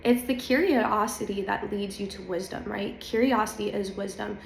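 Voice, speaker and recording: A spiritual vlogger talks to camera about spiritual growth, confiding in her viewers in a casual, emphatic, chatty way. Her mid-range voice is creaky and steady in tone at normal speed, captured in an echoey room with faint ambience and a little hiss or hum.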